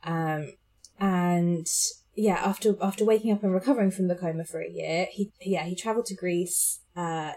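A woman's voice: fairly low pitch, warm tone, husky. A woman co-hosting a podcast, chatting casually and telling a story, with lots of fillers and frequent laughter. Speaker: podcast co-host.

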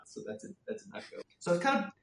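A man guest on a casual interview, telling stories with lively energy and acting out the people in them. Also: quick pace, reverberant. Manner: animated storyteller who acts out people in his anecdotes. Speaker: author and screenwriter guest.

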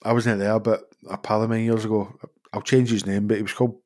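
A man with a Glasgow accent hosting a podcast, telling a short anecdote in relaxed chat. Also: lowish voice, quick pace. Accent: Scottish, Glaswegian. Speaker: podcast host. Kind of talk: casual chat.

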